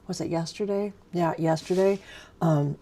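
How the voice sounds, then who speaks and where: Fifties lady rambling on her craft livestream, low gravelly voice, lots of ums. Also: normal speed, very noisy. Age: 50s. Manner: chatty, rambling, self-deprecating, many ums. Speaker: craft live stream host. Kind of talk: casual live stream chat.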